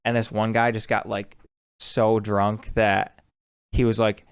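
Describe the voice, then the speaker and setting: Animated storytelling man. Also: on the low side, takes it slowly, smooth. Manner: animated storyteller who acts out quoted people. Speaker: podcast co-host. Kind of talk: casual chat.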